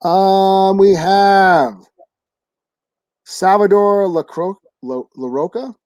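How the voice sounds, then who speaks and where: A podcast co-host casually reviewing a comic, talking in a halting way with restarts and casual swearing. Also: medium pitch, a little mellow, dry recording.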